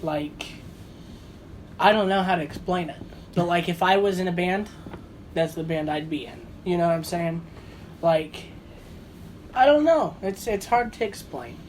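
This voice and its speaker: A man's voice: sits high, lively intonation, a little slow, long pauses, slight background noise. Jokey, enthusiastic male podcast co-host. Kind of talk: casual podcast chat.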